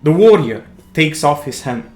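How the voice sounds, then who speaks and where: A man, narrating a tabletop game as game master in a slow, dramatic second-person style. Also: on the high side, expressive, darkish tone, reverberant, faint music behind.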